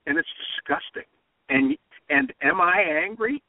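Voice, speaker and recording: A male talk radio host with a lively, swooping delivery that climbs toward near shouts. He sounds heated and emphatic, and his voice comes through dry and tinny, like a phone line. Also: on the high side, unhurried, no room sound.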